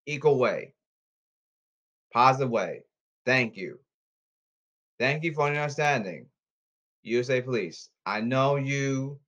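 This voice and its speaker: A man podcasting alone in a repetitive, halting, pleading monologue. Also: medium pitch, animated, a bit bright. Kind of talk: rambling solo monologue. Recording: slightly dull lo-fi audio.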